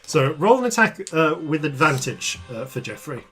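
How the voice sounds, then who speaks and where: A man's voice: on the high side, big pitch swings, normal speed, fairly bright tone, soft background music. A man narrating as dungeon master, laughing often and stopping to restart his sentences. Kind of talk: narrating a tabletop game.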